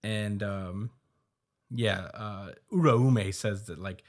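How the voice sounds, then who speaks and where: Guy on a podcast going over a manga chapter, lowish voice, lots of ums and little laughs. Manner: loose, filler-heavy retelling with quick quoted asides and laughs. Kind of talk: casual podcast chat.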